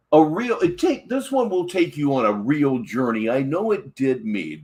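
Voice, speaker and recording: A man hosting a livestream show, introducing a clip with sardonic, mocking asides. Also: mid-range voice. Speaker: livestream host. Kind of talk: casual stream commentary.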